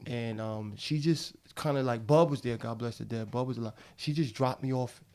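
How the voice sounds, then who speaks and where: An animated New man talking loosely with a guest's easy swagger, his voice sitting at an ordinary middle pitch. He drops street slang and laughs between stories. A close studio-mic sound. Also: moderate pace, smooth. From Harlem, New York. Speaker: guest, actor. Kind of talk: casual podcast interview. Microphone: studio dynamic mic.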